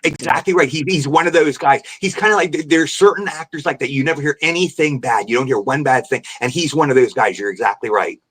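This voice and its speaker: An older man, a guest actor on a podcast, telling lively show-business stories and jumping into voices when he quotes people. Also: on the high side, quick pace, hardly any pauses, breathy edge. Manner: animated anecdotal storyteller, jumps into voices for quotes. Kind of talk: podcast interview storytelling. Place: remote podcast call.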